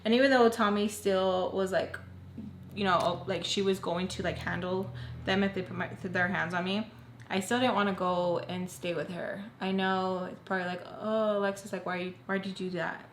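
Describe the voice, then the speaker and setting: Speaking at normal speed with a steady tone and medium pitch, a young woman vlogger shares a personal story in a relaxed, talkative style, peppering it with "like." Faint hiss and a roomy echo sit in the background.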